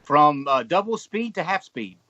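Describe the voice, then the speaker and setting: A man's voice: on the high side, sing-song, a little slow, sharp tone, dull audio. A man co-hosting, reacting live with amused, laughing banter. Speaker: co-host.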